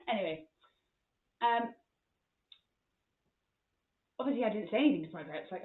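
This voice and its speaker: A woman's voice: medium pitch, normal speed, pauses often. A woman hosting a podcast, telling comic stories in a frank, sweary way. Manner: frank and sweary, with animated retelling. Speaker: podcast host. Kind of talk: comic storytelling monologue. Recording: echoey, tinny phone-like sound.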